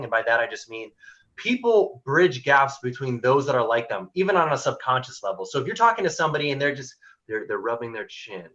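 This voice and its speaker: A man's voice: mid-range voice, pushed and bright, muffled recording. A man hosting an online workshop, talking animatedly and acting out the people he quotes. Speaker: workshop host.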